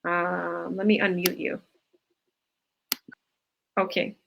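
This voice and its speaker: A woman's voice: lowish voice, level tone, slow, gravelly, dull audio, noisy background. A woman hosting a video group call, praising members with effusive, religious blessings. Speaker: host.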